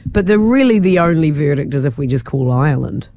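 A woman's voice: animated, a little fast, warm tone, dry recording. Chatty New woman radio host. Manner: chatty, laughs often, rises high when amused. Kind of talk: breakfast radio banter.

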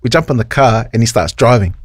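A man's voice: quick pace, husky, dry recording, studio quality. A New Zealand man hosting radio, telling a funny story and acting out quotes. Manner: animated, acts out quotes in high voices, laughs a lot. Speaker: radio host. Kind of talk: storytelling on air, casual chat. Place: radio studio.

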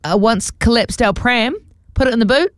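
A woman co-hosting a breakfast radio show, teasing and expressive, laughing through her stories. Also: a little high, normal speed, dry recording, clean studio sound. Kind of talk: casual on-air chat.

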